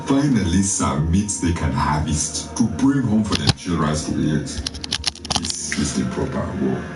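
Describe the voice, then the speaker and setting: A man voicing a grandiose self-styled male commander in a game chat, speaking slowly and formally with a very deep bass voice and demanding respect. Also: big pitch swings, far from the mic, heavily acted. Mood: commanding. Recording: echoey game chat clip from afar with music.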